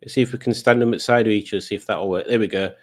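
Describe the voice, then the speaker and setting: A man's voice: on the low side, steady tone, rapid-fire. Rambling, wry male live-stream host. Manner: rambling, wry asides with frequent fillers. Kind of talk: casual live-stream chat reading viewer comments.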